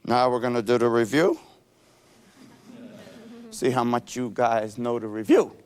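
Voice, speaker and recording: A man's voice: mid-range voice, measured pace, a little mellow, clear, resonant tone. A man giving a self-help seminar lecture in a folksy, playful storytelling manner. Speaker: seminar speaker.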